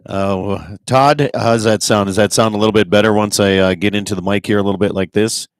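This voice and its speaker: A man with a fairly low voice hosts an outdoors radio program from the Dakotas in a relaxed, folksy manner. He chats casually with his guest and looks after the broadcast setup as he goes. The sound is dry and close. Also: brisk, dry recording. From Dakotas, United States. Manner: relaxed, folksy, runs the show's tech on air. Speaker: radio show host.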